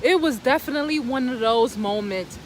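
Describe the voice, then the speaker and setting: High-voiced woman, telling a profane story. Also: brisk, a little hiss or hum. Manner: animated, profane, dramatic rhetorical questions. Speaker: vlogger telling a personal story. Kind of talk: casual storytime vlog.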